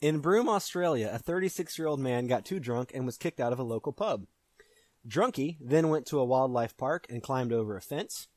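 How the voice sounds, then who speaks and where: A man's voice: mid-range voice, animated, normal speed, darkish tone, no echo, clean studio sound. A man hosting a casual quiz, reading strange news articles aloud in a wry, mock-formal way. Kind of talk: casual podcast banter.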